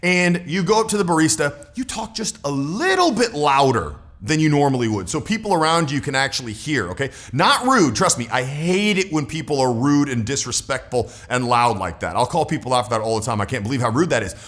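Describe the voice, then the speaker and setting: A man in his forties giving casual coaching talk straight to the viewer, animated and emphatic. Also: mid-range voice, fairly quick, hardly any pauses. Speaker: social skills coach.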